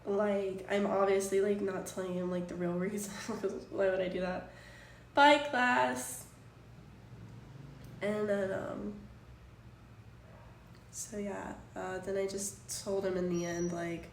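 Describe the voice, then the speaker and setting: A woman in her twenties, a streamer, telling a long story in casual chat, full of fillers and restarts. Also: medium pitch. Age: 20s. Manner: rambling, filler-heavy storytelling. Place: apartment room. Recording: roomy distant mic, faint room noise.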